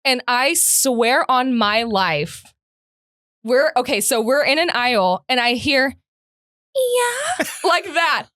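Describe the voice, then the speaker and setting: A woman's voice: a little high, slow pace, no room sound, clean studio sound. A woman co-hosting a podcast, telling a story with acted-out quotes and frequent laughter in casual chat. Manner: animated storyteller acting out quotes, laughs often. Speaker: podcast co-host.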